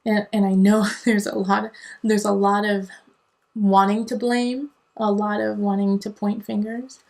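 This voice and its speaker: A woman's voice: medium pitch, level tone, measured pace, gravelly, darkish tone. A woman giving a casual tarot reading, talking in an earnest, digressive way that mixes encouragement with tough love. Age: adult parent. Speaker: tarot reader.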